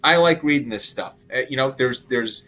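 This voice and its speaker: A middle-aged man hosting casual market commentary, animated and exclaiming as he walks through figures. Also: mid-range voice, moderate pace. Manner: animated, exclaiming and laughing at the numbers. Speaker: show host.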